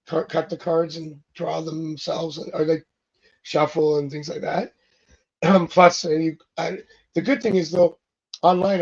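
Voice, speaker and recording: A man's voice: sits high, vocal fry, a little mellow, highs cut off. A man talking as a psychic tarot reader in a casual interview, rambling along and acting out the lines of the people he quotes. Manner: rambling, acts out quoted dialogue.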